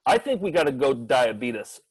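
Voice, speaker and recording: A middle-aged man co-hosting a casual comedy show, animated and jokey, tossing out rhetorical questions. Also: medium pitch, normal speed, no room sound, poor audio. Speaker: co-host.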